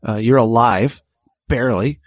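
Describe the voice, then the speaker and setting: A man hosting a casual comedy podcast, excitable and profane, joking with his co-host. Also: mid-range voice, measured pace, a little hiss or hum.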